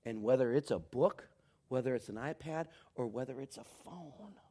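A man preaching a sermon, swinging between shouted lines and near whispers. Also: mid-range voice, moderate pace. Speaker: pastor.

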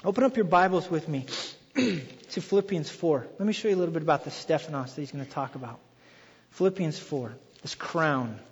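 A man preaching a sermon as pastor, telling stories in an animated way and acting out quoted voices. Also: on the high side, brisk, husky. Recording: dull reverberant hall sound.

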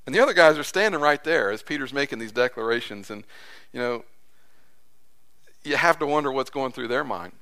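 A man's voice: medium pitch, expressive, brisk, long pauses, sharp tone. A man preaching a sermon as pastor in a conversational way, repeating phrases for emphasis.

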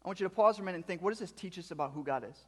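Male pastor, high voice, quiet reflection rising to loud, emphatic preaching, long hall reverb. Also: rapid-fire, slightly rough. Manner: interacts with the congregation. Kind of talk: sermon.

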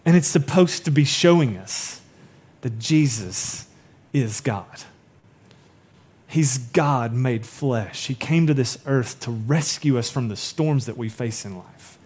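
A male pastor preaching a sermon, chatty with asides, swinging between raised, urgent lines and soft, hushed emphasis. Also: medium pitch, expressive, takes it slowly, husky. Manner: conversational asides.

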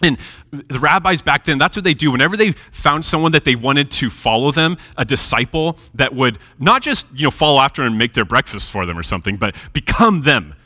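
A man's voice: medium pitch, expressive, fairly quick, pushed and bright. A man preaching a sermon as a chatty, casual story, animating it and laughing at his own jokes.

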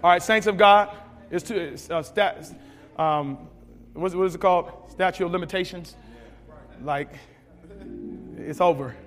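A man preaching a sermon, telling stories with big shouts and sound effects. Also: high voice, a little slow, long pauses, long reverb tail. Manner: animated storytelling, shouting at peaks, sound effects. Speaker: pastor.

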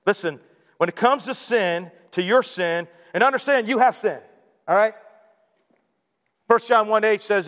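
A man's voice: high-pitched, normal speed, long pauses, fairly bright tone. A man preaching a sermon as pastor, impassioned and repeating himself with stammered emphasis. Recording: long hall reverb.

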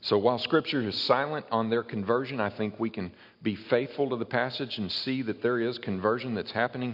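A man's voice: on the low side, in a large hall, dull audio. A man preaching a sermon, explaining and reading Bible verses aloud to his congregation. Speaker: pastor.

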